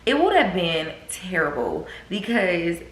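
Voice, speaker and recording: A woman's voice: fairly low pitch, unhurried. A woman, telling a storytime vlog with swearing and acted-out quotes. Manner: animated, swearing, acts out quotes. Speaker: vlogger. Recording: echoey room.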